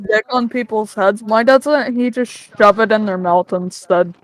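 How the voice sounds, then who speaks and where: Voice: medium pitch, measured pace, background noise. A speaker in casual game voice chat, arguing in a crude, mocking way. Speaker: gamer in voice chat.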